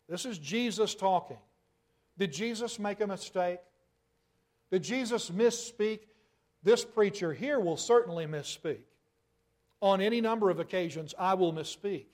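Man, preacher, sermon, high voice, rhetorical questions, emphatic. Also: darkish tone.

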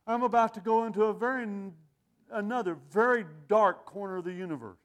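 A man's voice: high-pitched, brisk. Older male preacher joking through a sermon. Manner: self-deprecating humor, laughs at himself; lively, animated delivery.

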